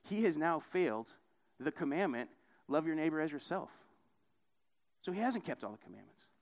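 A man's voice: sing-song, moderate pace. A young man giving a conversational sermon, often tagging on "right?" and acting out quoted voices. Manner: casual, repeats "right?" often; acts out quoted voices with big pitch jumps. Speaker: preacher.

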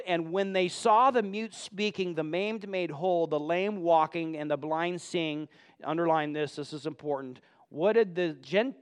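A man's voice: on the high side, clear, resonant tone. A man reading scripture aloud and explaining it in a Bible teaching, often stumbling and repeating words when he speaks off the cuff.

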